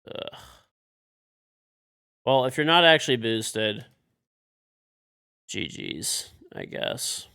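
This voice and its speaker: A man's voice: mid-range voice, lively intonation, very slow, long pauses, pushed and bright, smooth. A man streaming a video game live, frustrated and swearing as he mutters to himself and talks to teammates. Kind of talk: live-stream commentary while playing.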